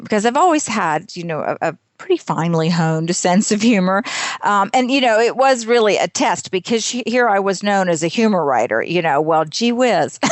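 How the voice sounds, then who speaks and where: A middle-aged woman, a guest author in an interview, tells stories in an animated, self-deprecating way and laughs often. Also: medium pitch, no echo. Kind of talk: conversational interview.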